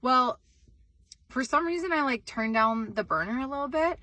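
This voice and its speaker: A young woman hosting a casual vlog, telling a story with lots of "like"s and excited outbursts. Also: sits high, moderate pace, dry recording. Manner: excitable, animated, screams in retold moments, many "like"s. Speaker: vlog host.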